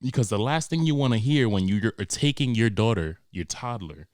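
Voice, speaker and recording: A young man, hosting a podcast and telling comic stories in a profane, animated way with sarcastic asides. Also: on the low side, normal speed, dry recording, clean studio sound. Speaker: podcast host. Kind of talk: comedic monologue.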